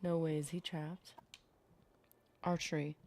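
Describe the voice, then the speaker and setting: Casual live-stream commentary comes from a woman playing a game while she chats with viewers and rambles across topics. Her voice sits low and is creaky and darkish, with a level tone and a slightly slow pace.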